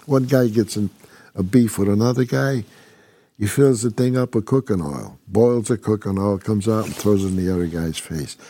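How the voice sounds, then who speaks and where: A man's voice: fairly low pitch, moderate pace, warm tone. Blunt, profane older man from upstate New York. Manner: blunt, swears constantly, rambling restarts. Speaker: former prison inmate telling his story. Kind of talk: casual profane storytelling.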